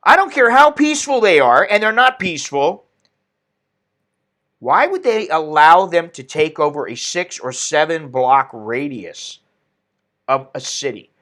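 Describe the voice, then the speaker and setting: Sharp in tone and lively in intonation, a man with a highish voice hosts an opinionated commentary stream at an unhurried pace. He reads viewer comments aloud between indignant rants about politics.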